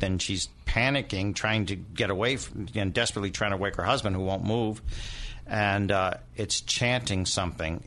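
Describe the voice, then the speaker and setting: A sharp-toned, lowish male voice carries a little hiss or hum. He's a middle-aged demonologist being interviewed, telling a vivid haunting tale and acting out each person's lines like a dramatic storyteller.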